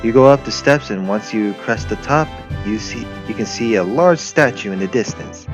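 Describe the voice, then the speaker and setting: A man's voice: lowish voice, lively intonation, moderate pace, few pauses. A man reading a visual novel aloud, narrating in a plain second-person way. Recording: lo-fi with faint music.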